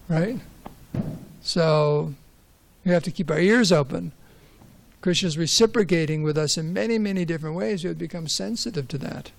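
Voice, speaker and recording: A man's voice: fairly high pitch, normal speed, gravelly. A man giving a conversational scripture class, asking rhetorical questions and telling stories. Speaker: class speaker.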